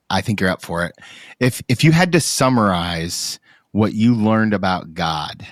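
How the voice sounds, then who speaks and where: A man hosting a podcast, asking his guest questions in a measured, easygoing way. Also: sits low, no room sound, clean studio sound. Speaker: podcast host. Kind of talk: interview questions.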